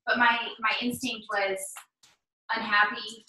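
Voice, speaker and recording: A woman's voice: mid-range voice, fairly quick, bright, forceful tone. A woman in a workshop earnestly sharing a personal example and reflecting on it. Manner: earnest, reflective, some restarts. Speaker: workshop participant. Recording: roomy echo, distant mic, faint noise.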